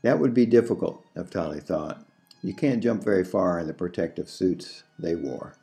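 Mellow male audiobook narrator. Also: sits low, animated, soft background music. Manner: slow, measured reading.

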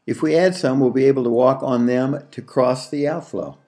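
A man voicing a calm, matter-of-fact male alien explorer in a storybook reading, with a plain, level delivery. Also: mid-range voice, moderate pace, close to an everyday voice.

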